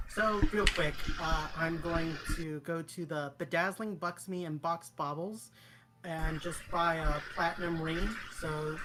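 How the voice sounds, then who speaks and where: A woman player talking casually at a game table, hesitant and full of fillers. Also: low voice. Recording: noisy background.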